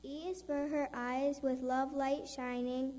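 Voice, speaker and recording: Woman reciting verse lines in turns, slow and soft, high pitch. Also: level tone.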